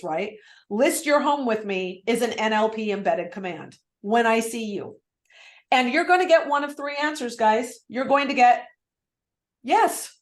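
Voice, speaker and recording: A woman sales coach teaching on a live video call, lively and acting out phone script lines. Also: fairly high pitch, roomy sound. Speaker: real estate sales coach.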